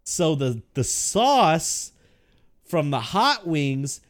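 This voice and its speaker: A man in casual chat who laughs often, swears and reacts loudly while telling his own story. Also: a little high, sing-song, extremely slow.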